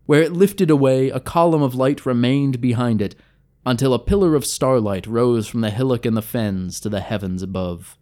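A man narrating a fantasy tale from a tabletop campaign in an expressive, measured reading. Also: medium pitch.

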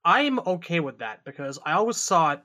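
A man's voice: a little high, sing-song, fairly quick, sharp tone. A man co-hosting a casual gaming podcast, joking and chatting loosely. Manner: jokey, puts on a robotic voice now and then. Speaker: podcast co-host. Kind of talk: casual chat.

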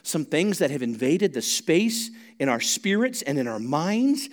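A male pastor preaching a sermon in church, chatty and joking at times, then rising to loud, emphatic preaching. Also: a little high, very animated, unhurried. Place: church sanctuary.

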